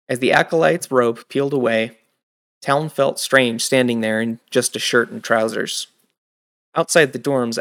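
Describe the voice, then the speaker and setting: A man with a medium-pitched voice reads a fantasy audiobook in a steady, scripted way, voicing the plain narration that falls between the characters.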